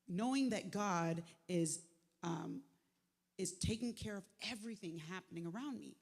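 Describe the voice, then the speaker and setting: A talkative speaker in their forties tells stories from a live stage at an inspirational faith event. The voice sits in a middle pitch, and a long reverb from the large hall trails behind each phrase. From Montreal, Canada. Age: 40s. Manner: talkative, animated storytelling.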